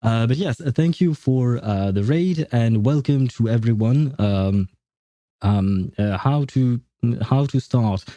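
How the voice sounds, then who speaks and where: A man greets his viewers in a casual live-stream chat, rambling and hesitant, with fillers and frequent chuckles. His voice is very dark and mellow at a middling pitch. It sounds dry and close on a desk mic. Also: slow, no echo. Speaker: game streamer.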